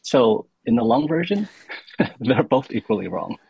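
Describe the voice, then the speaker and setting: A man's voice: mid-range voice, very animated, measured pace, gravelly, darkish tone, slightly rough, no room sound. A man speaking as a guest on a podcast, explaining things patiently with many restarts, on a dull lo-fi recording. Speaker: podcast guest, university senior fellow. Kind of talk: casual interview talk.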